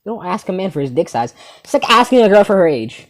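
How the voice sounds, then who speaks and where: A young man spins a crude comedy story in an animated, sarcastic way. His voice swings widely up and down as he piles on rhetorical asides. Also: high voice, fairly quick.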